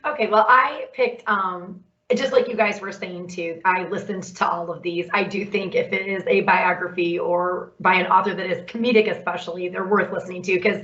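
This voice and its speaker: A woman's voice: fairly low pitch, steady tone, normal speed, hardly any pauses, fairly bright tone, recorded from a distance, highs cut off. A woman librarian chatting enthusiastically about books she recommends. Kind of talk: book recommendation.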